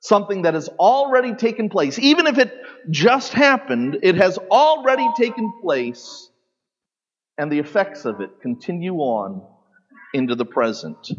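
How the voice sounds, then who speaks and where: A pastor preaching a sermon, teaching animatedly with sudden loud peaks and soft drops, in a large church sanctuary. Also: male voice, high voice, sing-song, unhurried, slightly rough. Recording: long hall reverb, dull lo-fi sound.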